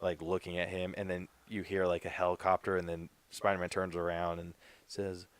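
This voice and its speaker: A man's voice: low-pitched, little pitch movement, a little fast, dry recording. A young man co-hosting a podcast, chatting casually and rambling with lots of "like" fillers. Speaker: podcast co-host. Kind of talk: casual chat.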